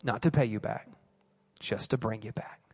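A man's voice: mid-range voice, normal speed, darkish tone, slightly rough, long reverb tail, faint music behind. A man preaching a sermon as pastor, earnest and pleading, repeating phrases for emphasis. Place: church service.

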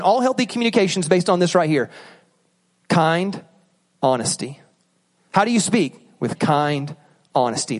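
A man preaching a sermon in a church, animated and joking, acting out examples as he teaches. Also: high voice. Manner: animated, joking, acts out bad apologies. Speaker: pastor. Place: church auditorium. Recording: long reverb of a large hall.

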